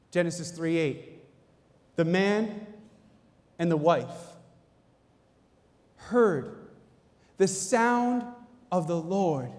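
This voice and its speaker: A man giving an animated, preacher-like motivational speech at a conference, with dramatic pauses. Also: fairly high pitch, long reverb tail. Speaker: company executive giving a keynote talk. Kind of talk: motivational faith-based speech. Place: conference hall.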